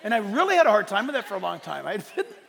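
A man pastor delivering a sermon in a church, animated, bursting into shouted emphasis. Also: sits high, very fast, gravelly, in a large hall, a faint crowd.

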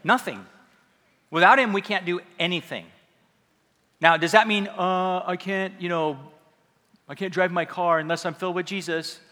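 A man's voice: high-pitched, fairly even intonation, normal speed, long pauses, sharp tone. A male pastor preaching a sermon in a conversational, self-deprecating, humorous way, recorded in a church hall. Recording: reverberant hall sound.

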